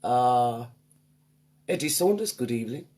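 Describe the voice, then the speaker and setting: A woman's voice: extremely low pitch, expressive, a little slow, dark tone. A woman hosting a live online radio show, chatting upbeat and greeting listeners by name. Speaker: radio DJ and host.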